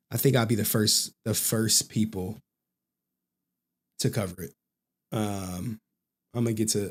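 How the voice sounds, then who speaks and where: A man hosting a casual live stream, loose and joking, who repeats his phrases and laughs often. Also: medium pitch. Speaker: stream host and commentator.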